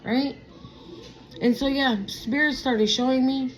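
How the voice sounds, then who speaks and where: A woman's voice: high-pitched, steady tone, slow pace, rough recording. A woman in her thirties giving a casual spiritual vlog as a tarot reader, talking in a sassy, blunt way with plenty of slang and swearing.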